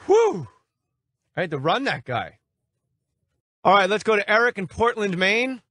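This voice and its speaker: Brash high-voiced radio host. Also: male voice, sing-song, sharp tone, no room sound, studio quality. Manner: brash, mocking, rapid insults. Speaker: radio show guest host. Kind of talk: sports talk radio banter. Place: radio studio.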